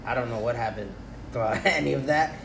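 A man's voice: medium pitch, a little fast, vocal fry, fairly bright tone. A young man co-hosting a casual podcast, teasing and incredulous, cursing freely. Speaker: podcast co-host. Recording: echoey room with background noise.

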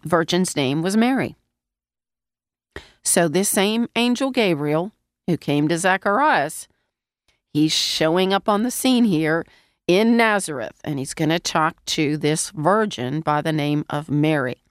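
A woman's voice: low-pitched, unhurried, no echo, clean studio sound. A woman teaching a Bible passage in a conversational sermon, speaking around a lozenge in her mouth and asking her listeners questions.

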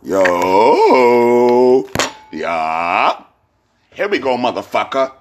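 A hungover man rambling in a casual vlog, profane and laughing, sending shout-outs. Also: medium pitch, huge pitch swings, drawn-out words, slight background noise.

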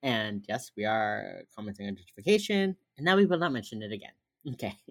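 Casual podcast co-host, a woman with a very deep voice, acting out scenes as she recaps them. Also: brisk. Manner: animated retelling, acting out characters' lines, laughs often. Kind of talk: casual chat.

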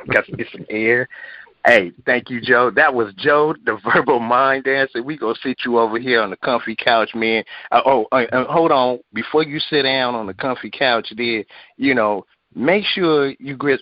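A man's voice: medium pitch, moderate pace, no echo, muffled recording. A man hosting an online poetry radio show, chatting casually and laughing helplessly between exclamations. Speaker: show host.

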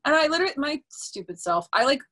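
A young woman in her twenties, a podcast guest, telling a story in a casual, animated way with lots of fillers. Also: high voice, quick pace. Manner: animated and chatty, many fillers, laughs often. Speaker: podcast guest, musical theater performer.

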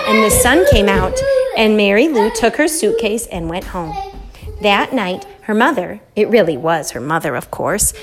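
A woman storyteller reading a children's book aloud. Her delivery is lively and expressive, in a mid-pitched voice, with faint background noise.

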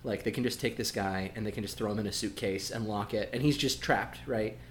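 A man co-hosting a podcast in casual chat, animated, with many fillers and laughs. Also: on the low side, fairly quick, a little hiss or hum. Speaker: podcast co-host.

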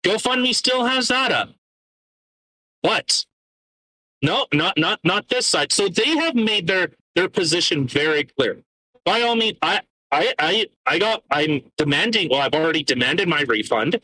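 A man's voice: fairly high pitch, lively intonation, moderate pace, bright, forceful tone, low-quality recording. A man co-hosting a casual podcast, ranting sarcastically, swearing often and stumbling as he reads out documents. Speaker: podcast co-host.

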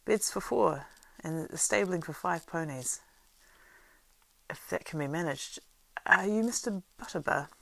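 A woman voicing a polite, cautious young male hobbit traveller, speaking in measured requests in a story reading. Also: fairly low pitch, gravelly, a bit bright, no echo.

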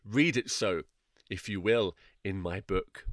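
A man's voice: fairly low pitch, slow pace, no echo, clean studio sound. A man voicing an anxious, burdened male pilgrim who pleads in solemn, old-fashioned speech. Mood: pleading. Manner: solemn, archaic phrasing.

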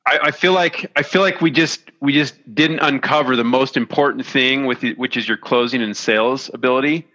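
A male host chats casually with his guest over a remote call. His voice is bright and forceful but comes through dull and lo-fi, and he fills pauses with "uh-huh" and "man". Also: mid-range voice. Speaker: podcast host. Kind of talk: remote podcast interview. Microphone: video call.

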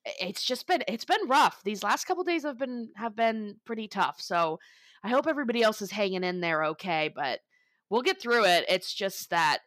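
A woman's voice: mid-range voice, fairly bright tone, dry recording, clean studio sound. Chatty, tearful woman co-host. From Florida, United States. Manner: chatty, laughs often, tearful and candid. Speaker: podcast co-host. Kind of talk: casual chat.

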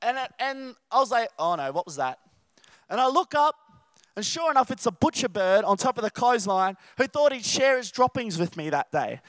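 A man preaching, his voice pitched very high and bright with a forceful ring. He tells stories in an animated way and drops into playful acted-out voices. The sound is dry and close. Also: a little fast, no room sound. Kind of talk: sermon.

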